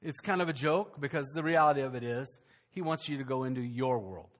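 A man preaching a sermon to his church, animated, restarting his sentences often with fillers. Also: medium pitch, fairly quick. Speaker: pastor.

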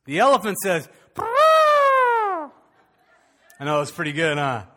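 A man's voice: a little high, expressive, quick pace, background noise. An older man preaching a sermon as pastor, folksy and storytelling, rising to fervent, rhythmic preaching.

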